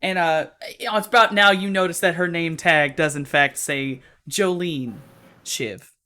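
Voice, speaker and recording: A man narrating as game master of a tabletop game, relaxed and playful. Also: on the high side, moderate pace.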